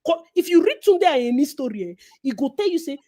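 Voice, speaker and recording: Nigerian woman, high voice, casual gossip chat, preachy, Pidgin mixed in. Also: brisk. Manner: animated, preachy, mixes Pidgin. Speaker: co-host.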